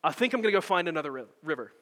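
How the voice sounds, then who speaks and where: A man's voice: fairly high pitch, sing-song, rapid-fire, a bit bright, long reverb tail. A man voicing a thirsty, frightened little girl who pleads anxiously, in a church sermon.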